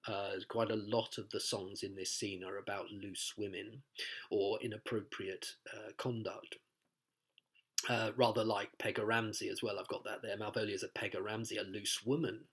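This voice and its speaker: A man's voice: lowish voice, little pitch movement, moderate pace, fairly bright tone, breathy edge. A man teaching a play, explaining it line by line in a chatty way, with asides and quoted lines read aloud. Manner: reads quoted lines aloud in voices and sings snatches. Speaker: literature teacher.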